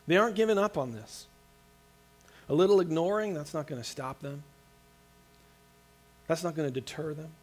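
A man delivers a sermon in a relaxed, conversational way. He is earnest, often restarts his phrases, and laughs lightly now and then. His voice sits a little higher than most men's. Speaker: pastor.

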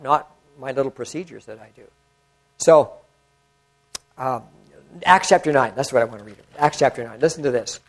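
A man preaching a conversational sermon, swinging from animated storytelling to hushed, prayerful tones. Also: a little high, poor audio.

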